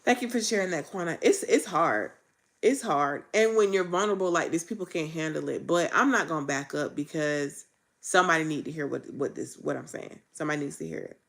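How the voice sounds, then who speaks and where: Woman vlogger, gravelly, low-set, preachy and repetitive in delivery. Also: fast. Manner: raw, emphatic, preachy, repeats phrases. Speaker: faith vlogger. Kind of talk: candid faith vlog.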